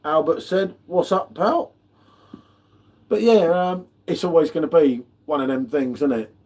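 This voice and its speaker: A man's voice: on the high side, animated, moderate pace, a little mellow. A man hosting a live beer tasting, chatting casually with matey banter and greeting viewers by name. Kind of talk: casual live-stream chat.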